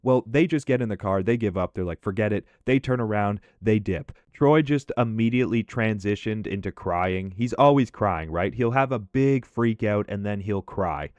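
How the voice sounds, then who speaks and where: A man telling a profane, animated story in a casual commentary over gameplay. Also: lowish voice, normal speed, few pauses, no echo, dull audio.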